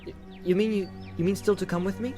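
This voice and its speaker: A man reading aloud and voicing a troubled, resolute young male hobbit who talks earnestly and turns sharp when pestered. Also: a little high, animated, a little fast, over music, voice pushed up, lightly acted.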